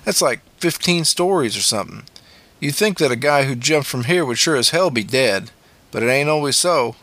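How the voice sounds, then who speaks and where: A man voicing a reckless, morbid teenage boy who talks in an offhand, lively way. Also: medium pitch, normal speed, no echo.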